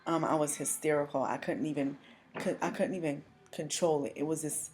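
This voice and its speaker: A woman giving a personal religious testimony, earnest and emotional, speaking haltingly with many pauses and restarts. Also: low voice, fairly even intonation, a little mellow, soft background music.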